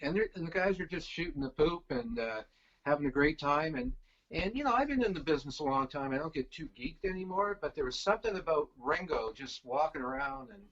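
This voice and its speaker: A man's voice: on the high side, lively intonation, brisk, fairly bright tone, highs cut off. A middle-aged man telling stories in casual chat, rambling with many fillers and restarts. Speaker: guest, venue stage crew. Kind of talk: casual storytelling.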